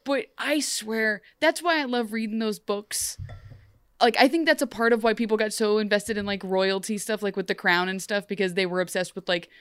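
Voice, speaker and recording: A young woman chats about a TV episode, animated and joking, slipping into quick voices for the characters. Her voice is smooth and clean. The sound is dry and close. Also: medium pitch, no echo. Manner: animated, jokey, acts out characters in funny voices. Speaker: podcast co-host. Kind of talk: casual chat recapping a TV episode.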